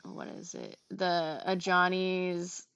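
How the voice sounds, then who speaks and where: A woman's voice: fairly low pitch, little pitch movement, slow pace, vocal fry, fairly bright tone, clean tone, no echo, faint music behind. A woman playing a tabletop game, hesitant and thinking aloud. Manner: hesitant, many fillers. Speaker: player.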